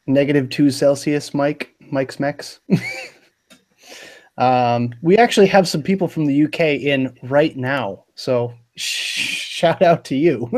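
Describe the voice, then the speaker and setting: An easygoing man joking through casual live-stream banter. His voice sits a little high for a man. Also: animated, takes it slowly, darkish tone.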